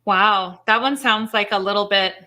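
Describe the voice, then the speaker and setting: A woman's voice: medium pitch, moderate pace, pushed and bright. A woman from Canada hosting a live Q&A, chatty and bubbly, laughing often. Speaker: host. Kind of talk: live Q&A chat.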